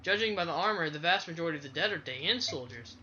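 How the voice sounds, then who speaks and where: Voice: medium pitch, lively intonation, fast, bright, forceful tone, lo-fi sound, slight background noise. A player reading a cold cynical tactician.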